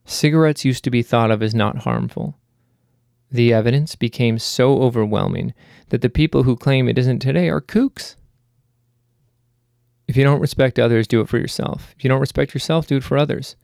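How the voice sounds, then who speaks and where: A man with a gravelly, mid-pitched voice talks through a casual monologue. He drifts into goofy, self-mocking tangents and then turns sincere and urgent. The sound is dry and close. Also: normal speed, a little mellow, dry recording. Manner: rambling, self-mocking jokes mixed with earnest appeals. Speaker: host.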